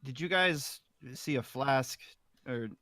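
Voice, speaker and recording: A man's voice: medium pitch, slow, pushed and bright, no echo, clean studio sound. A man playing a tabletop game, speaking in character with hesitant fillers. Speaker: player. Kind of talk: casual tabletop play.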